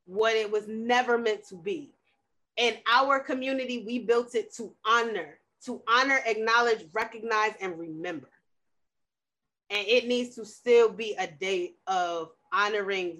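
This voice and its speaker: A young woman co-hosting a casual chat, telling stories in a loud, passionate way. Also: fairly high pitch, unhurried. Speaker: podcast co-host.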